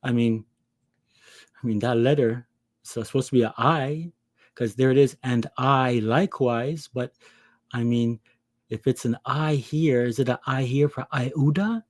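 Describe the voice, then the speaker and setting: A man's voice: medium pitch, fairly even intonation, moderate pace, pauses often, darkish tone, no room sound, studio quality. A man preaching an impassioned scripture lesson, pressing his listeners with rhetorical questions. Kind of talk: impassioned religious teaching.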